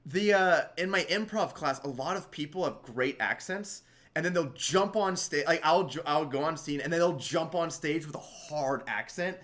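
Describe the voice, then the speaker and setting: A man's voice: fairly high pitch, normal speed, fairly bright tone. A man hosting a casual livestream chat, talking loosely, laughing and swearing freely. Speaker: livestream host.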